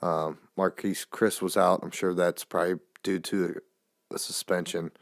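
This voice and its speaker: A man with a very low, gravelly voice rambles through a casual podcast monologue, swearing offhandedly. The sound is dry and close, recorded on a phone. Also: little pitch movement, unhurried, no echo. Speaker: podcast host. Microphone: phone camera.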